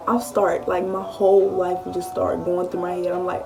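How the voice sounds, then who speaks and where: A woman in her late teens, telling a story-time vlog in a casual, animated style. She swears freely and often acts out what she was thinking. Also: fairly low pitch, normal speed, vocal fry, recorded from a distance, loud music behind the voice. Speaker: vlogger.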